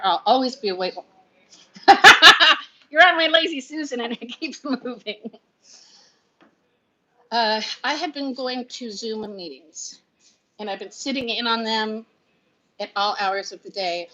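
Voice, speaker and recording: Bright, high-voiced woman in her fifties. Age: 50s. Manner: scattered, confiding, laughs through sadness. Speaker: vlogger hosting a livestream. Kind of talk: rambling emotional livestream chat. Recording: lo-fi livestream audio.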